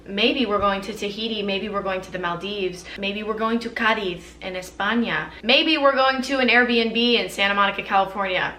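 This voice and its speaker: Gushing woman with a bright voice. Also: medium pitch, normal speed, few pauses, roomy sound. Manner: effusive, dramatic and playful. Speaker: beauty vlogger. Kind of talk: casual perfume review to camera.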